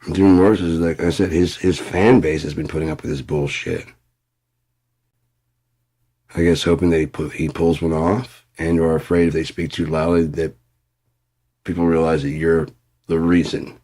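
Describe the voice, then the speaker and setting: Deep-voiced man in his fifties ranting. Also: little pitch movement, moderate pace. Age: 50s. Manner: heavy swearing, rambling, mutters low then flares up loud. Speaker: vlogger. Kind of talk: casual profane rant.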